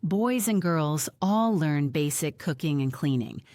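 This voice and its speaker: A woman with a fairly low voice reads a first-person audiobook in a plain, even storytelling manner. The recording is dry and close, with no room sound. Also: measured pace, dry recording. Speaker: audiobook narrator.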